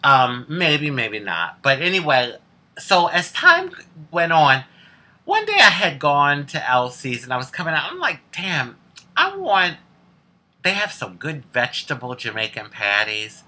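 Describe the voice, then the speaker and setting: Sassy american lady telling stories to camera, super animated voice, cracks herself up. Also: rumbling low, normal speed. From United States. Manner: sassy, candid, laughs often. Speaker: vlogger. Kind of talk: casual storytelling to camera.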